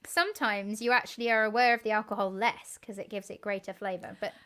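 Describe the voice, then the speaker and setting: A woman's voice: mid-range voice, steady tone, quick pace, a bit bright, clear, resonant tone. A woman co-hosting a home music stream in casual chat, giggly and a bit bashful, reading a beer label aloud.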